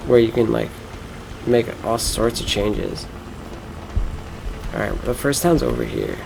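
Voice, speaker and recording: A man's voice: mid-range voice, vocal fry, darkish tone, slight background noise, rough recording. A young man from Florida talking casually over a game, rambling and cursing as he tells a boastful story. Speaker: gameplay streamer. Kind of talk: casual rambling gameplay commentary.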